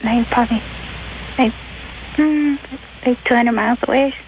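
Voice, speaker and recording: Teen girl calling in to radio, soft and unsure, kinda high voice, faint noise. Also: normal speed, lo-fi sound. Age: teens. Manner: quiet, hesitant, filler-heavy. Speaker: caller. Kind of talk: phoned-in call to radio show.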